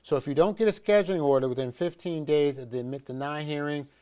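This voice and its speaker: A man's voice: on the high side, fast talker, dark tone, clear, resonant tone. A middle-aged man teaching in an informal, conversational way, pressing his points firmly and often restarting his sentences. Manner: conversational and emphatic, with frequent restarts and fillers. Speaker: instructor of an educational video series. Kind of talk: informal instructional talk.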